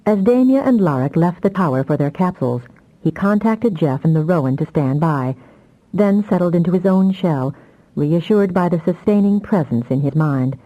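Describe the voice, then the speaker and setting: A woman reading fantasy audiobook narration in a measured, even storytelling manner. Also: on the low side, muffled recording. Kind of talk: scripted narration.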